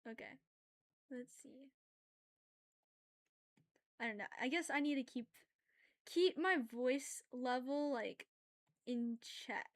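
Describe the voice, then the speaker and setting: A woman with a notably high voice chats casually with viewers as she draws on stream, rambling easily between comments on her work at a slow pace with frequent pauses. She shifts from loud, animated ranting to quiet apologies, staying chatty and self-aware with filler words and laughter.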